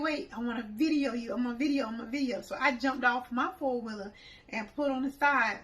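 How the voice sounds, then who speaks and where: A woman's voice: fairly high pitch, a bit bright, low-quality recording. A woman who organizes group trips, telling a story in a casual, chatty way. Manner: chatty, laughs while retelling.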